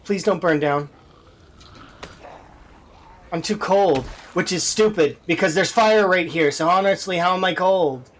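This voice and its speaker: A man's voice: sits high, unhurried, long pauses, fairly bright tone. A man streaming a survival game, talking to himself with exasperated running commentary as he plays. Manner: exasperated, talks to himself while playing. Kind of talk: live gameplay commentary.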